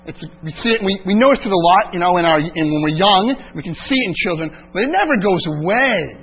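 Male pastor, husky, fairly high voice, expository sermon, phone-thin sound with mains hum. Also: fast, narrow, tinny audio. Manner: expository preaching, rising intensity at climaxes.

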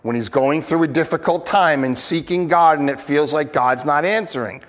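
A man preaching an earnest, expressive sermon, acting out the pleas he quotes. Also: a little high, normal speed, long reverb tail. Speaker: pastor.

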